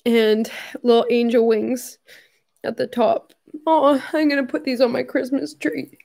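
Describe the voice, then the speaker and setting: Young woman in tears, livestream chat, slightly high voice, halting with many fillers. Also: little pitch movement, creaky. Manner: halting, lots of fillers, soft laughs. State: tearful, crying. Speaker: YouTuber hosting a livestream.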